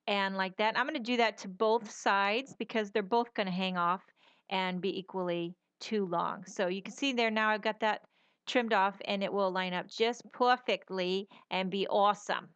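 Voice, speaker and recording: A woman's voice: medium pitch, steady tone, moderate pace, a bit bright, clean tone, dry recording. A middle-aged woman hosting a casual papercraft tutorial, chatty and folksy, rambling with fillers as she works. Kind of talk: casual crafting tutorial voice-over.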